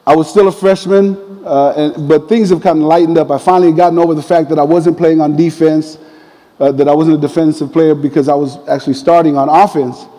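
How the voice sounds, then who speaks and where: A man preaching a sermon, telling a personal story in a conversational, animated way. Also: on the high side, fairly quick, long reverb tail, rough recording. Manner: conversational, animated retelling with quoted voices.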